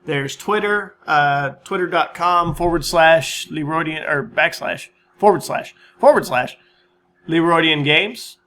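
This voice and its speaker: A man's voice: a little high, unhurried, sharp tone, a little hiss or hum. A man hosting a gaming channel, chatting casually through a let's-play and a channel update, rambling, self-mocking and swearing freely.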